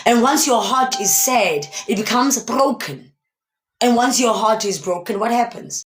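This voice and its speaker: A woman's voice: on the high side, expressive, a little slow. South african woman preaching motivation on a livestream, lots of rhetorical questions, bouncy voice that swoops around. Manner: emphatic, preachy, asks many rhetorical questions. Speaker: motivational speaker. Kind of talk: live-streamed motivational talk. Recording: echoey room.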